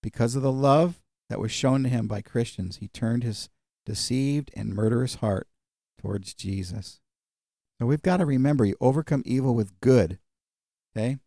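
A man's voice: medium pitch, moderate pace, warm tone, no echo, clean studio sound. A male pastor preaching in a conversational storytelling way, with frequent fillers. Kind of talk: sermon.

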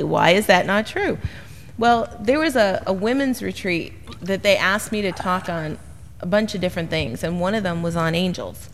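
A middle-aged woman teaching the Bible in a casual, animated way, acting out the people in her stories. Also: medium pitch, in a large hall. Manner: animated storyteller, quotes people in voices.

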